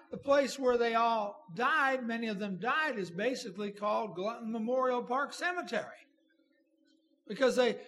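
High, bright-voiced preaching man. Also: slight background noise. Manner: impassioned, swinging from shouts to low murmurs. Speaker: pastor. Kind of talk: sermon.

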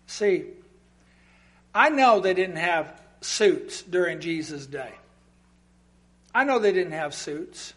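A man with a high voice preaches slowly in a church sanctuary, leaving long pauses. His delivery is animated and emphatic, with humorous asides to the congregation that rise to loud outbursts.

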